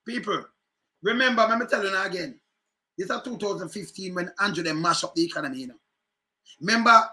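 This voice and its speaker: A man with a Jamaican accent giving casual, animated commentary on political news clips, often repeating phrases. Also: high-pitched.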